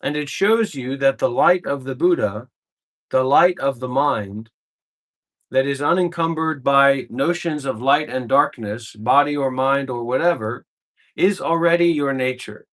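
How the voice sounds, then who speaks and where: A man's voice: mid-range voice, measured pace. A man giving an informal spiritual talk as a meditation teacher, blunt and profane, and driving his points home with emphatic repetition.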